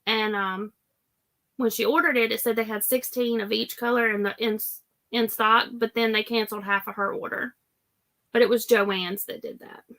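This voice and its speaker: A woman's voice: on the high side, steady tone, normal speed, a bit bright. A woman with a Southern US accent hosting a casual live-stream chat and reading viewer comments aloud. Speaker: host.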